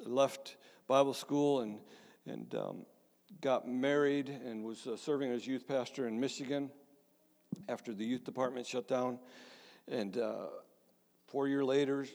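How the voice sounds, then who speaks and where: A man's voice: mid-range voice, darkish tone. Pastor telling his story in a reverberant hall. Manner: conversational, self-deprecating storytelling with restarts. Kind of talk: sermon testimony.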